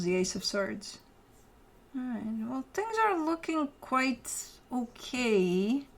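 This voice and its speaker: A woman's voice: fairly high pitch, a bit bright. Casual female tarot reader, talks off the cuff, meandering and filler-heavy. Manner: rambling, filler-heavy, chatty. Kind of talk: casual tarot reading to camera.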